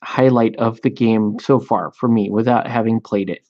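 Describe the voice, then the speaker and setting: A man's voice: on the low side, fairly even intonation, moderate pace, highs cut off. A man chatting casually while painting miniatures, laid-back and joking, swearing now and then.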